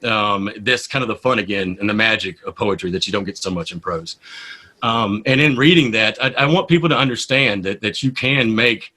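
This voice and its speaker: A man, a poet and radio host, telling stories in a casual interview with an animated manner. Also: on the low side, moderate pace. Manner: animated storyteller.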